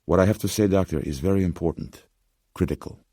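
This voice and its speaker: A man voicing an anxious, formal old male pawnbroker with a Slavic-tinged accent, speaking slowly in grave, hushed insistence. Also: low voice, dry recording, studio quality. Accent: Slavic-tinged, as put on.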